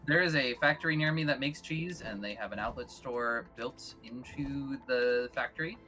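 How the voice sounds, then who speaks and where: Bright-voiced joking man streaming a game. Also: medium pitch, moderate pace, soft background music. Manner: joking, wry asides. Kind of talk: casual gaming chat.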